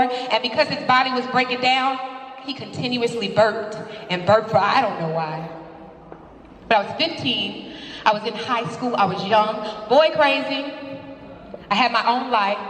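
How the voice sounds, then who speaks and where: A woman's voice: a little high, a bit bright, slight background noise. A woman giving a passionate, candid motivational speech as a guest speaker, live before an audience in a large hall. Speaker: guest speaker at a women's seminar. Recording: echoey hall from far off.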